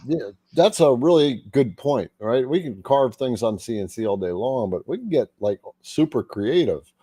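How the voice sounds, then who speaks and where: A man's voice: medium pitch, expressive, normal speed, warm tone, slightly rough, no echo. A man hosting a casual livestream, chatting and greeting viewers by name. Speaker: livestream host.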